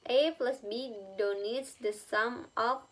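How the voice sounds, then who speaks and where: A woman lecturing in a slow, deliberate way, pausing often on fillers and saying each example twice. Her voice sits fairly high, and she keeps stopping to check that the listener is following. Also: fairly even intonation. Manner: halting, with many fillers and repeated examples. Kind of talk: recorded linguistics lecture.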